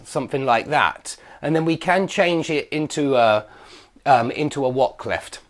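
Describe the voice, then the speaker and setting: A man teaching an English grammar lesson, explaining patiently with fillers and self-corrections, saying example sentences slowly and clearly. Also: mid-range voice.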